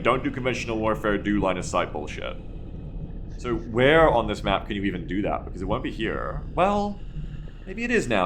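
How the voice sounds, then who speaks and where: A man's voice: fairly low pitch, a bit bright, a little hiss or hum. A man streaming a strategy game from home, thinking aloud, counting tiles under his breath and swearing casually. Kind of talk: casual live-stream commentary. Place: home room. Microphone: desk mic with headphones. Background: game music.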